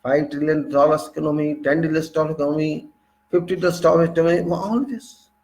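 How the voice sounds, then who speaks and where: A man's voice: a little high, fairly even intonation, fast, a little mellow, rough recording. A man with an Indian English accent giving an indignant political monologue, full of rhetorical questions and repeated phrases. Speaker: political commentator.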